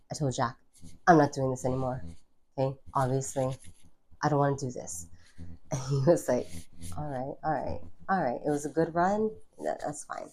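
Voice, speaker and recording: A woman's voice: low-pitched, a little mellow. A woman telling a personal story to camera in casual chat, blunt and swearing freely, often restarting her sentences and checking in with "okay?". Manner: addresses viewers directly with "okay?". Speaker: spiritual content creator.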